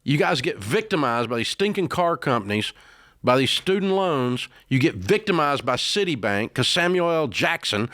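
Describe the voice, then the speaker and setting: A man hosting a call-in advice show, yelling at callers in a blunt, exasperated rant from a radio studio. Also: on the high side, big pitch swings, normal speed, dry recording. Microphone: studio microphone.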